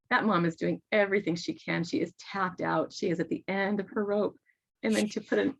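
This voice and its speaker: A woman's voice: fairly low pitch, creaky, husky. A middle-aged mother talking earnestly as a podcast guest, often laughing. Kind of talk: casual interview talk. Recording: dull lo-fi sound.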